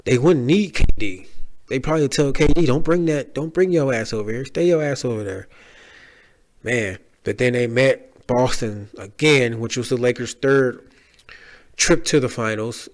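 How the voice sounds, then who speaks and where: Man, podcast host, casual solo talk, rambling, slangy, heartfelt, mid-pitched voice. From Dallas area.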